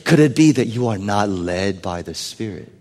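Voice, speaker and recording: A male pastor preaching a sermon to his congregation. He swings between loud emphatic lines and hushed, whispered asides. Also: on the low side, expressive, moderate pace. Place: church sanctuary. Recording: long hall reverb.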